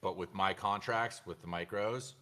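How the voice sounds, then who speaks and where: A man's voice: low-pitched, normal speed, sharp tone. A man streaming his trading live, talking bluntly and arguing points in casual chat. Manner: blunt, argumentative, counts aloud while checking numbers. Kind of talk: casual livestream talk.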